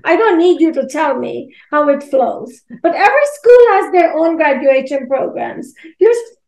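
A woman's voice: sits high, lively intonation, normal speed, vocal fry, darkish tone. A middle-aged woman co-hosting a podcast, firmly scolding her co-host in a heated casual debate. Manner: firm, scolding. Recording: echoey room.

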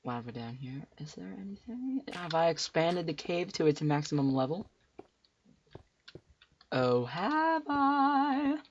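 On a muffled lo-fi mic with slight background noise, a let's play host gives chatty gameplay commentary, jumpy and yelping at enemies as his voice cracks. He speaks a little high and a little fast with few pauses, animated, with a slightly mellow tone.

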